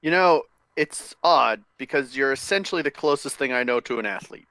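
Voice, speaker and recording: A man's voice: medium pitch, animated, normal speed, sharp tone, no echo. A man co-hosting a podcast, teasing a friend in casual chat. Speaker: podcast co-host.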